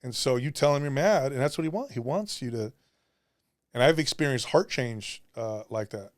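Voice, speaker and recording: A man's voice: mid-range voice, animated, moderate pace, no echo, clean studio sound. A man guest on a podcast, talking earnestly and confessionally about prayer, often acting out what he said to God. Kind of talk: candid faith conversation.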